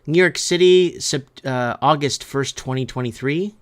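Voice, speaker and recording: A man's voice: medium pitch, unhurried. A man hosting a talk show, reading through news headlines and commenting in a rambling, emphatic way that often stumbles over words. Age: adult parent of three. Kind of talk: casual news commentary while browsing headlines.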